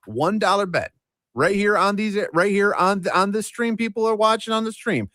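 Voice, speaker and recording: A man's voice: sits high, normal speed, bright, forceful tone, no echo, clean studio sound. A man co-hosting a sports radio show, confidently making bold declarations and bets. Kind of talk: casual sports talk debate. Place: radio studio.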